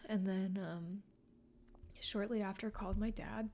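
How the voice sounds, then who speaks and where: A woman podcast host telling a personal story in a soft, halting, tearful way, often dropping to a whisper. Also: medium pitch, fairly even intonation. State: emotional, near tears. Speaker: podcast host and grief coach. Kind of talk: personal solo podcast monologue.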